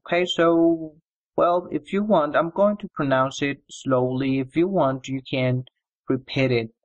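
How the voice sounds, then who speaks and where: A man who speaks as his teaches a beginner lesson at a deliberately slow pace. His tone is patient and encouraging as he repeats phrases for learners to copy. The sound is dry and close, with no room echo. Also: a little high, muffled recording. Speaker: Spanish teacher. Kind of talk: slow, explanatory language lesson.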